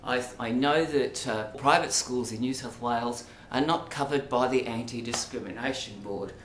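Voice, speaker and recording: A man's voice: mid-range voice, normal speed, fairly bright tone. An Australian man vlogging in a rambling, hesitant monologue full of ums and asides. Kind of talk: casual monologue to camera. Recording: roomy echo, faint background noise.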